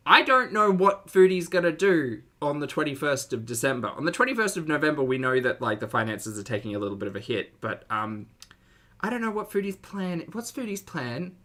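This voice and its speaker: A man's voice: fairly high pitch, very animated, a little fast, sharp tone. A man hosting a casual livestream commentary, chatty and sarcastic, laughing often and greeting his chat viewers.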